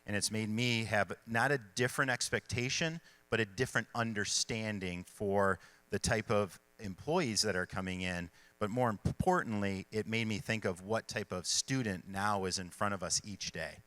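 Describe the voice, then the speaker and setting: A middle-aged man, a school superintendent, speaking to staff at an event in a relaxed storytelling way with fillers. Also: fairly low pitch, moderate pace, no room sound. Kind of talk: speech to staff at a kickoff event.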